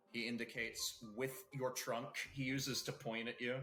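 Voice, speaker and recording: A man's voice: medium pitch, flat delivery, unhurried, hardly any pauses, sharp tone, soft background music. A man narrating a tabletop roleplaying game as game master, describing scenes with fillers.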